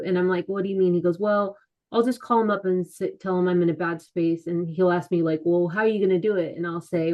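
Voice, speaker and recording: Speaking softly in a steady, slightly low voice, a middle-aged author and mental health advocate opens up about her past as an interview podcast guest. Her telling is candid but halting, full of pauses, restarts, and quoted asides from people in her life.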